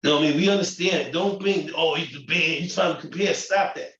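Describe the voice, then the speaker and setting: Brief: emotional man near tears, fairly high voice, pleading hard; muffled, roomy audio heard from across the room. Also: fast, a bit bright, recorded from a distance. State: close to tears. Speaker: shelter resident speaking at public comment. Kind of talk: impassioned public comment.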